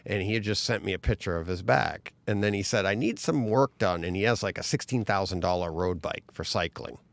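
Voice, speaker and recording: A man in casual podcast chat, telling an animated story and acting out other people's lines. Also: sits low, a little fast, creaky, no room sound.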